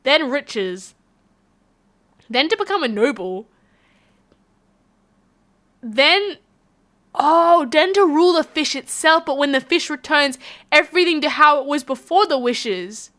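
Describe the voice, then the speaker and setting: With a high voice and a slow delivery full of frequent pauses, an Australian woman chats on a live stream. She's giggly and animated while reading out messages from chat.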